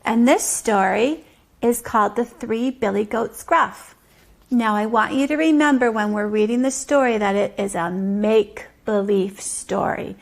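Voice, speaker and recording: A woman teacher reading a story aloud to toddlers, slow and gently explaining. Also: on the high side, gravelly. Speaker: preschool teacher.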